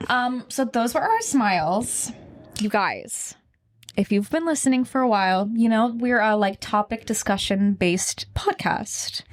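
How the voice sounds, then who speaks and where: A woman's voice: on the high side, expressive, unhurried. A young adult woman co-hosting a podcast in casual chat, rambling with fillers and laughing often. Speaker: podcast co-host.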